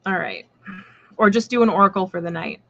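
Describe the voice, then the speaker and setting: A woman's voice: mid-range voice, fairly quick, creaky, bright, forceful tone, lo-fi sound. A woman hosting a live tarot reading stream, talking in a chatty, rambling way with lots of fillers, blunt and playful. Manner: blunt and playful, swears casually.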